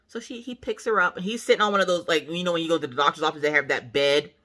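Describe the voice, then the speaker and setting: A woman hosting a casual vlog, telling a family story in an animated, emphatic way with sassy asides. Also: low-pitched, racing. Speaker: channel host, mother.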